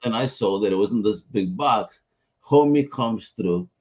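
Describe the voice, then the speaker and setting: A man's voice: lowish voice, measured pace, darkish tone, slightly rough. A man hosting a podcast in loose, casual chat, full of slang and swearing, who tells stories with gusto. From Puerto Rico. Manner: loose and profane, slangy storyteller. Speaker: podcast host.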